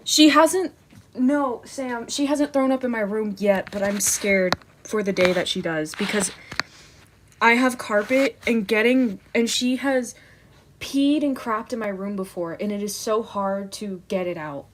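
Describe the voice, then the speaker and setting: A young woman streams from her bedroom at home, chatting casually with viewers as she draws, giggling and getting flustered easily. Her medium-pitched voice is unhurried, with a little hiss or hum in the audio.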